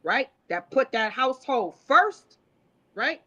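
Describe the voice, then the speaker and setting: A woman's voice: on the low side, fairly quick, a bit bright, dull audio. Blunt, profane woman giving advice. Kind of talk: livestream talk show.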